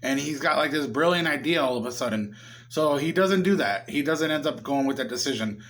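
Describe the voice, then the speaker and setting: A young man talks through a movie plot in a loose, chatty recap. His voice sits a little high for a man. He keeps slipping into the characters' lines as he goes. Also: expressive, fairly quick, a bit bright. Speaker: movie reviewer.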